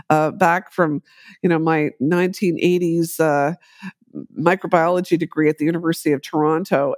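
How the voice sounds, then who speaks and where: A middle-aged woman telling a story as an interview guest, measured and explanatory, with frequent fillers. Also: on the low side, no echo, studio quality. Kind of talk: conversational interview.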